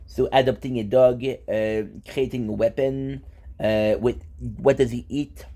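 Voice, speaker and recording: A man's voice: mid-range voice, steady tone, a little slow, dark tone. A young man talking casually in a vlog, rambling with fillers and restarts. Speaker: vlogger.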